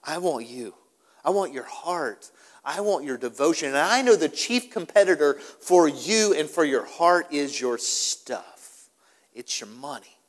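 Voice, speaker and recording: A man voicing Jesus as a calm, earnest teacher who speaks insistently. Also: fairly high pitch, unhurried, long reverb tail.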